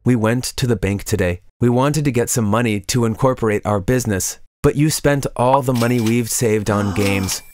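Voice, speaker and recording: Animated story: male narrator voicing a gentle, distraught mother. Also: medium pitch, normal speed, few pauses, a little hiss or hum, natural voice. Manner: explaining plainly. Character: worried mother, middle-aged, gentle but distraught.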